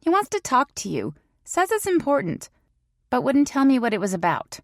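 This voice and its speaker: A woman's voice: high voice, huge pitch swings, moderate pace, no echo, clean studio sound, pitched above the performer's own voice, heavily acted. A woman voicing a worried young woman friend who talks urgently over the phone.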